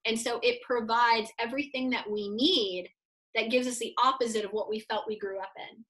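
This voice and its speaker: A woman coach speaks as a podcast guest, her voice bright and somewhat high for a woman. She explains in a confident, teaching way, building each point step by step. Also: fairly even intonation, normal speed, low-quality recording. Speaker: guest coach for real estate agents. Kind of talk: podcast interview.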